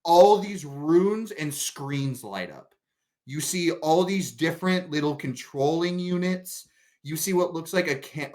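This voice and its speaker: A man's voice: a little high, darkish tone. A man narrating a tabletop game as game master, laughing often as he describes the scene.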